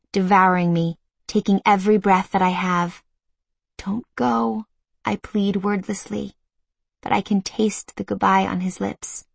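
A woman narrates a first-person audiobook with quiet intimacy, taking her time over each phrase. Her pitch sits in a middle range for a woman. The recording is dry and close, with no room sound. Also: no room sound. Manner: intimate, emotional, measured.

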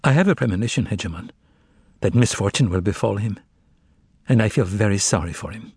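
A husky-voiced man playing a gentle condemned preacher in an audiobook, speaking softly and earnestly. The sound is close and dry. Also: on the low side, expressive, a little fast, dry recording, full character voice. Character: calm, gentle condemned prisoner, a male preacher.

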